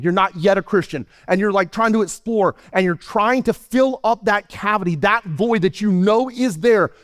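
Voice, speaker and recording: A man preaching a sermon as pastor, animated and storytelling. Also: sits high. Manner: animated, storytelling preacher who acts out scenes. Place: church sanctuary. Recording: long hall reverb in a church.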